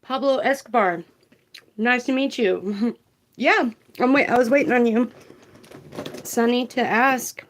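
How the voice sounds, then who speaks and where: A woman's voice: a little high, unhurried, pauses often. A woman, doing a casual tarot livestream, chatty and laughing as she reads viewer comments aloud.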